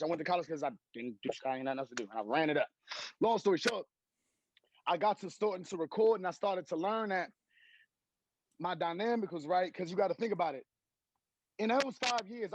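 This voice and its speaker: A man's voice: high voice, muffled recording. A young man, a rapper guest, telling his story in casual interview chat and breaking into rap verses.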